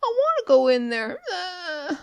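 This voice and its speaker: A woman's voice: very high voice, very animated, a little slow, dry recording, voice pushed up, exaggerated voice. A woman voicing a spoilt little boy in a storybook reading, whining and crying to be let in. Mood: wailing. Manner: whiny, crying.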